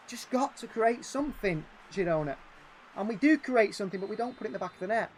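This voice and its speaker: A man's voice: high voice, fast talker, a little hiss or hum. A man hosting a live gaming stream, calling the action of a football management game and voicing his frustration as he plays. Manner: animated, frustrated, thinking aloud between match calls. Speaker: gaming livestream host.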